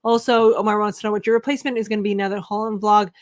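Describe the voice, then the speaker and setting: A woman in her thirties co-hosting a casual livestream, telling stories with lots of laughter and loud, animated outbursts. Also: mid-range voice, very fast. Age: 30s. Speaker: co-host.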